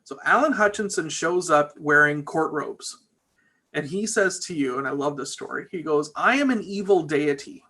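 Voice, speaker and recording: A man's voice: fairly high pitch, moderate pace, sharp tone. A man who works as a trial lawyer, chatting casually and energetically as a guest in an interview.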